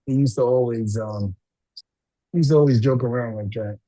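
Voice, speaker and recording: A man's voice: mid-range voice, moderate pace, no room sound. A middle-aged man and retired wrestler casually telling backstage stories, acting out quotes with lots of fillers. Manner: animated storyteller acting out quotes, frequent fillers. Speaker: podcast co-host, retired wrestler. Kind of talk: casual storytelling.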